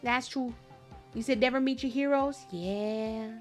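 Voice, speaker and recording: A woman gaming streamer with a voice on the high side talks in an unhurried way, faint music playing behind her. She offers casual commentary over a game, chatting with her chat and exclaiming as she goes.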